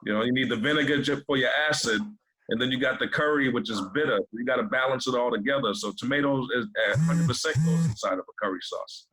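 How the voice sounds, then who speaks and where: A man from Massachusetts, a guest chef, talking in a relaxed, matter-of-fact way in casual chat. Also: mid-range voice, quick pace, rough recording.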